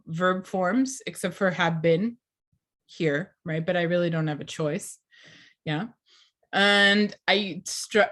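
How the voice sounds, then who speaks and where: A woman giving a class lecture as a teacher trainer. She speaks clearly and deliberately and keeps asking the class questions. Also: fairly low pitch, a bit bright.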